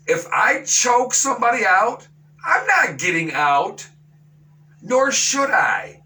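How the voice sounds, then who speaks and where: A man's voice: very high voice, very animated, takes it slowly, bright, forceful tone, distant mic, poor audio. A man hosting a talk radio show, ranting with outrage and sarcasm and slipping into mocking voices. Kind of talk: opinion talk radio monologue.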